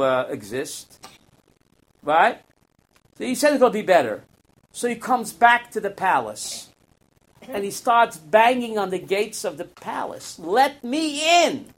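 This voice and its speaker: A man's voice: very high-pitched, fairly bright tone. A man giving a Torah class as a rabbi, quizzing his students and acting out parables.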